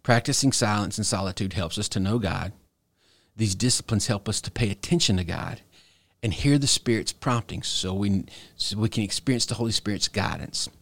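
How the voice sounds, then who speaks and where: A man preaching as a pastor, earnest and exhorting, slowing down to stress key words. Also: fairly low pitch, vocal fry, a bit bright, dry recording. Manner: earnest, exhorting, with slow deliberate emphasis. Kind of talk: sermon.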